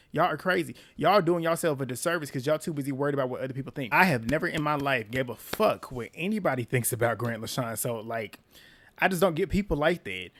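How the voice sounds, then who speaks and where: Guy recapping a dating show, kinda high voice, aave, blunt and fed up, cussing and laughing a lot. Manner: blunt, exasperated, profane, laughs often. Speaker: reality TV recap host. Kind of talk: casual recap commentary.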